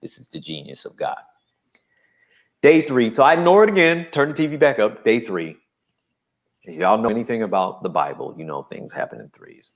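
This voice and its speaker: Casting note: a low-pitched man from New Jersey, lively and emphatic, on a dull lo-fi track. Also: normal speed, vocal fry. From New Jersey, USA. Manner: animated, emphatic storytelling. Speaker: guest. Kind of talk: personal testimony in an interview.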